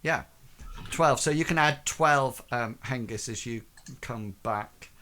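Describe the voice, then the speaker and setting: A man runs a tabletop game as game master, narrating at a slow pace. He rambles, leaning on lots of fillers like "sort of" and "like.". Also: medium pitch, a crowd in the background.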